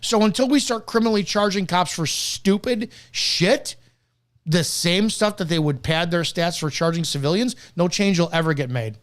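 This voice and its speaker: Blunt ranting man with a higher voice. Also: moderate pace. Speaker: host. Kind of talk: live commentary reacting to news clips.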